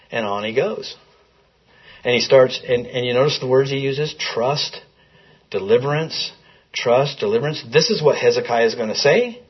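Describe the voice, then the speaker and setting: A man's voice: medium pitch, animated, normal speed, slightly rough, lo-fi sound. A man leading an interactive Bible class, asking his listeners questions in a conversational way.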